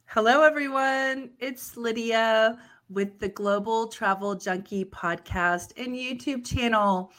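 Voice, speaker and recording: A woman's voice: a little high, takes it slowly, fairly bright tone. A woman hosting a travel podcast, chatting upbeat with a guest and laughing often. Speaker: podcast host. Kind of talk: friendly interview chat.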